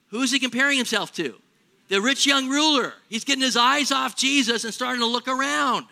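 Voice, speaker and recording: A man preaching a sermon in a church, animated, acting out little everyday scenes in other voices. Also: very high voice, normal speed, gravelly, pauses often. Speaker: pastor.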